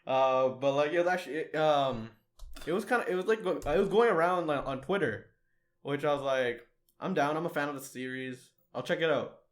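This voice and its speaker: A man's voice: on the high side, a little fast. A young man co-hosting a casual podcast, retelling an anime plot with lots of fillers and restarts, acting out characters' lines as he goes. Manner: rambling, many fillers and restarts, acts out lines in quotes. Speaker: podcast co-host.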